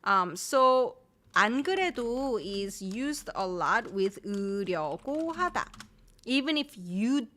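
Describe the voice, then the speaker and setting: A woman's voice: mid-range voice, lively intonation, moderate pace, a bit bright. Woman teaching live. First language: Korean. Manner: mixes English and Korean, repeats example phrases; reads viewer names and comments aloud. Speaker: Korean language teacher. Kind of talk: live-streamed language lesson.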